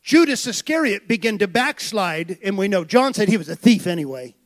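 A man preaching a sermon with passion, building to shouted high points. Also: big pitch swings, brisk. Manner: impassioned preaching that swells to shouts.

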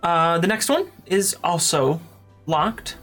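A woman's voice: fairly low pitch, expressive, slow, fairly bright tone, soft background music. A woman acting as game master, explaining rules and narrating scenes with easy fillers.

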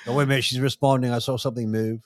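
A man's voice: mid-range voice, level tone, very fast, dry recording, clean studio sound. A man co-hosting a live podcast, rambling and making cheeky jokes. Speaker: podcast co-host. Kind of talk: casual live podcast banter. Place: small side room at a political event.

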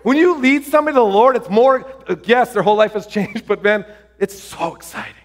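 A man preaches to a congregation with a fairly high voice. He tells stories with lots of excitement and often breaks off mid-sentence to start over. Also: brisk. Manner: excited, storytelling, many restarts and fillers. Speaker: pastor. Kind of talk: sermon.

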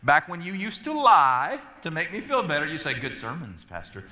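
Bright-voiced pastor preaching in a reverberant church. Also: male voice, sits high, sing-song, normal speed. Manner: conversational, self-mocking storytelling. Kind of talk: sermon. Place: church sanctuary. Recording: long reverb of a large church.

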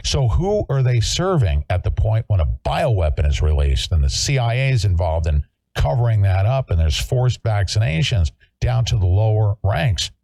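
A man's voice: on the low side, very animated, normal speed, vocal fry, mellow, no room sound. A man hosting a political talk show, speaking emphatically and repeating himself to rally his listeners.

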